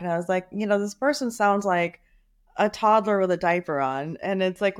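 Smooth low-voiced woman podcast co-host. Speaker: podcast co-host asking questions. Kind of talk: casual podcast chat.

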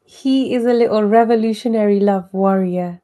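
A woman's voice: medium pitch, normal speed. A woman hosting a conversation, encouraging her guest with brief, affectionate replies. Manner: warmly encouraging listener, brief affirmations. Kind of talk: casual conversation.

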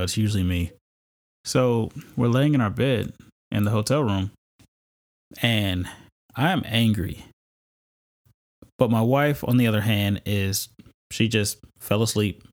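A married father who hosts a podcast shares a personal faith story, speaking slowly in a lowish, somewhat dark voice with frequent pauses. His conversational storytelling is peppered with fillers and laughter.

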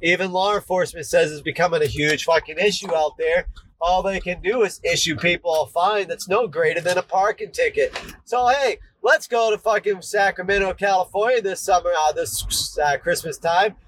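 A man hosting a podcast, delivering an angry, profane rant with shouted bursts. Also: sits high, normal speed, a little hiss or hum, low-quality recording. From Maine, United States. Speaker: podcast host.

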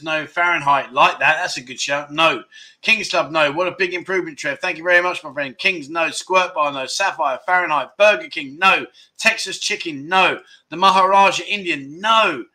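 A man hosting a casual livestream chat, excitedly running through viewers' guesses and reading out their comments. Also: fairly high pitch. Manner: excitable, runs through a rapid list of guesses. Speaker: livestream host. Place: his home in Pattaya, indoors.

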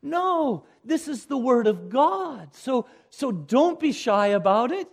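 Pastor, male, high-pitched voice; preaching style, urgent, shifts between loud calls and quiet lines. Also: big pitch swings, slow pace, gravelly, slightly rough, faint music behind. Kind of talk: sermon.

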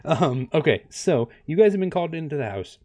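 A young man narrating as game master of a tabletop game, halting with many ums and uhs. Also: a little high, very animated, mellow.

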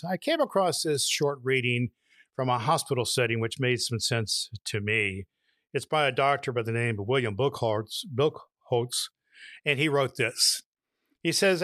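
Folksy man telling a drawn-out joke. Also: medium pitch, fairly bright tone, no room sound, studio quality. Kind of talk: casual storytelling.

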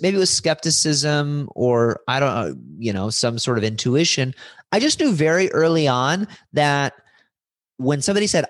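A middle-aged man talking as a podcast guest, telling personal stories in an animated way, jumping up in pitch when excited and acting out other people's lines. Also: dry recording, studio quality. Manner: acts out other voices in his stories. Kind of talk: reflective storytelling conversation.

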